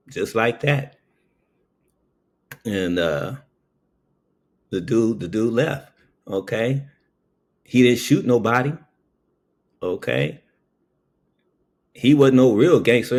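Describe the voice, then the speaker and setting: Male storyteller, mid-range voice, slow and deliberate. Tag lines with "okay?" and jump high for quoted voices. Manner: slow, keeps saying "okay?" between phrases; acts out quoted voices with sudden high pitch. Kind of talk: casual storytelling monologue.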